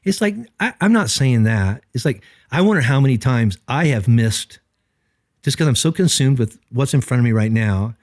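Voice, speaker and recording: A middle-aged pastor converses earnestly and animatedly on a podcast, acting out the quoted dialogue of people in his stories. He has a mid-range voice and a moderate pace. The studio sound is clean, with no echo.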